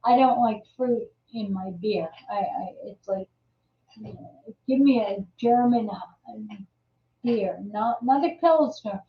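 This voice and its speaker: Woman host, slow and meandering, a bit high, on dull lo-fi audio. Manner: rambling, many restarts and fillers. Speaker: live show host. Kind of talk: casual live-stream chat. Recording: roomy, distant, dull audio.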